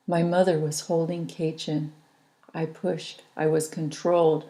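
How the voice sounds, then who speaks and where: A woman reading her own memoir aloud as an audiobook, in a slow, intimate, reflective manner. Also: deep voice, little pitch movement, mellow.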